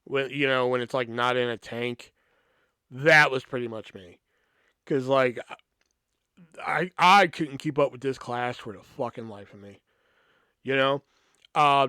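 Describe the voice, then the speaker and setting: With clean studio sound and no room echo, a male podcast host at medium pitch spins a loose, casual story. He curses constantly, fills gaps with "you know," and performs the people he quotes in lively voices.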